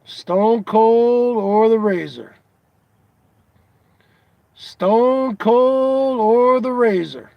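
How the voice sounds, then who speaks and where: A man hosting a casual comedy show, asking his audience teasing questions over and over in a drawn-out way. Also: extremely high pitch, gravelly, no room sound, highs cut off. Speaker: host.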